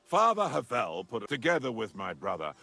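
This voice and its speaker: Game casting: a repentant man, husky, lively delivery, faint music under it. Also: mid-range voice, fairly quick, full character voice. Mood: solemn. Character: gruff male convert brooding over his dead brother. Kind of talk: video game dialogue.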